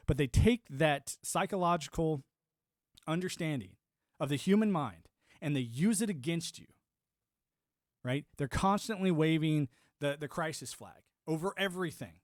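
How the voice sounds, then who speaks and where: A man's voice: fairly high pitch, lively intonation, moderate pace, dry recording. Ranting man with a dry close mic. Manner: ranting, mocking quoted voices, repeats words. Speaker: livestream host. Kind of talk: casual political commentary.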